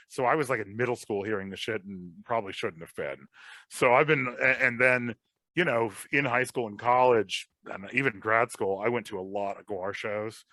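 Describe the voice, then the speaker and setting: Bright-voiced man hosting a podcast, rambling. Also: medium pitch, no echo. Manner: rambling, self-deprecating, animated. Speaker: podcast host. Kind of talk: casual podcast chat.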